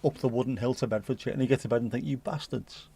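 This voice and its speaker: A livestream host speaks fast in a dark, slightly rough, medium-pitched voice with vocal fry. He reads viewer messages aloud and rambles jokily, swearing and leaning on British slang.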